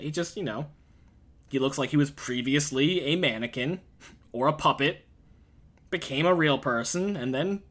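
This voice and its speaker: A man's voice: fairly high pitch, pushed and bright. A man giving heated, profane, emphatic commentary as a video host. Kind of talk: ranting commentary.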